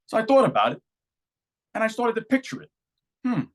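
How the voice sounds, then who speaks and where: A man's voice: a little high, fairly quick, long pauses. A man performing a comic monologue and an improv scene, with a natural way of talking that listeners take for an accent. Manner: animated storytelling, plays other voices. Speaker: acting talent.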